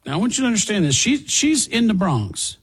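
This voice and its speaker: A man's voice: high-pitched, sing-song, brisk, slightly rough. A man hosting a talk show, giving sarcastic, emphatic political commentary between clips. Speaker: talk radio host.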